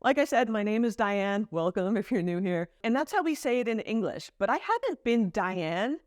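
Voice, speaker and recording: A woman's voice: a little high, big pitch swings, fairly quick, darkish tone, dry recording. American woman vlogging, chatty and light, explains stuff, dry close mic. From United States. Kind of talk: casual vlog talk to camera. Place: home in France.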